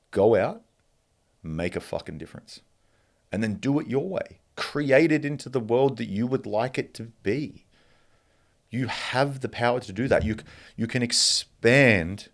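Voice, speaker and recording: A young Australian man hosting a podcast, giving a blunt, profane, fired-up motivational monologue with an occasional cough. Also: lowish voice. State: coughing at times. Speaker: podcast host.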